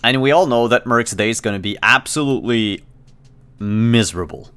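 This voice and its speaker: A man running a tabletop role-playing game as game master, describing scenes in a relaxed, hesitant way with frequent fillers. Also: medium pitch, moderate pace, clear, resonant tone.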